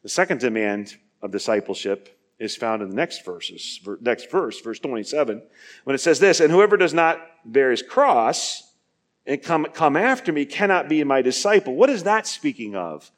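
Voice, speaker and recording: A man preaching a sermon, earnest, asking his listeners questions and building to emphatic peaks before dropping quiet. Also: medium pitch, sing-song, moderate pace. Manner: asks the listeners direct questions. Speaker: pastor.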